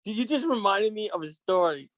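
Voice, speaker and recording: Man guest spinning crude stories, expressive pitch, dry sound. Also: a little fast, no echo. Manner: animated, profane, laughing storyteller. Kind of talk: casual podcast storytelling.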